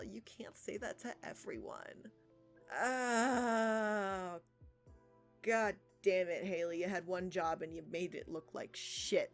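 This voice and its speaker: A woman livestreamer reading profiles aloud and reacting in casual commentary, sarcastic and swearing, laughing often. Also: lowish voice. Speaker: art livestreamer.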